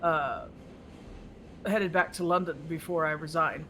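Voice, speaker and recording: Man voicing a jovial, weary old courier, chatty, high and bright. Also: unhurried, a little hiss or hum. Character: jovial older male courier, weary of politics.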